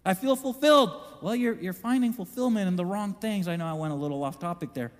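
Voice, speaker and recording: A man preaching a sermon in an animated way, acting out the voices he quotes. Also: high-pitched, fast, big-room sound. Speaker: pastor.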